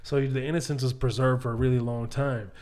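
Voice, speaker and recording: A man's voice: mid-range voice, brisk. A man from Kuwait, a comedian guest, chatting casually and acting out quoted lines in his stories. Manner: animated storyteller who acts out quotes and laughs often. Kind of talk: casual podcast chat.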